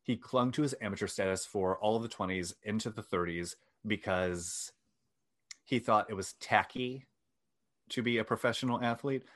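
Wry man with a lowish voice. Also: moderate pace, a bit bright. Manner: wry, self-deprecating, reads from notes. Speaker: podcast host. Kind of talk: casual storytelling chat.

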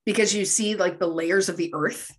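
A woman's voice: medium pitch, fairly even intonation, normal speed, slightly rough. A woman casually recapping a movie on a podcast, chatty, with frequent laughs and lots of fillers.

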